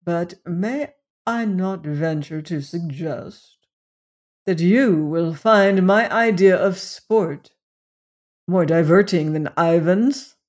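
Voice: medium pitch, a little mellow, natural voice. A reader putting on a suave, menacing Cossack general. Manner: courtly, unhurried, drawn-out phrasing. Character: suave menacing aristocratic Cossack general, middle-aged man. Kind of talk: audiobook character reading.

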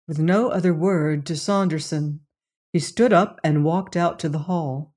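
Slow, measured audiobook narrator. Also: mid-range voice, darkish tone. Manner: measured, atmospheric storytelling. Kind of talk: scripted narration of a mystery novel.

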